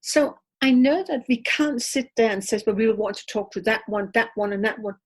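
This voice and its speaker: An older woman, a medium, telling animated stories with laughter in a conversational interview, her English slightly non-native in phrasing. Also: a little high, moderate pace. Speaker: spiritual medium, guest.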